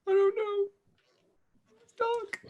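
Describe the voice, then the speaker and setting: A woman's voice: extremely high pitch, flat delivery, takes it slowly, narrow, tinny audio, pitched above the performer's own voice. A woman voicing a timid male goblin captive, stammering and rambling as he pleads. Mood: frightened. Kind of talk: tabletop role-play voicing.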